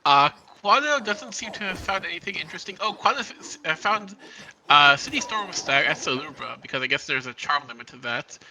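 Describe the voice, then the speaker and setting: A man with a fairly high, very bright and sharp voice commentates a live game tournament. He stammers and restarts his sentences often and laughs along. The tone is loose and casual. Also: expressive, brisk, a little hiss or hum.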